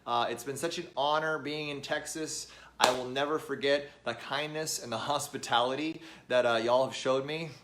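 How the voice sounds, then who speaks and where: A man's voice: mid-range voice, steady tone, moderate pace, very noisy. A man hosting his weekly motivational show, talking to camera in an earnest, rallying way and calling his viewers "guys".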